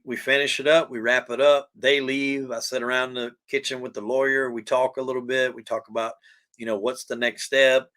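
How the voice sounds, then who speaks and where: Man, Southern US accent, bright clear voice, folksy casual storytelling, emotional. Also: mid-range voice. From USA. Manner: plain-spoken, folksy, uses "man" and "you know". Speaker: podcast guest telling his story.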